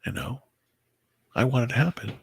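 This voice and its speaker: A very tired man talking to his viewers in a halting personal monologue, often stumbling and restarting his words. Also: mid-range voice, sing-song, creaky, husky, no echo. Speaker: vlogger. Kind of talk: rambling personal monologue to camera.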